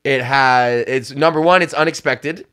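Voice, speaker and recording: A man's voice: medium pitch, moderate pace, bright, forceful tone, clear, resonant tone. A young man from Canada telling a long comedic story on his podcast. He rambles in a profane, loose way, often breaks into laughter and acts out the people he quotes. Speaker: podcast host. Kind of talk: casual comedic rant.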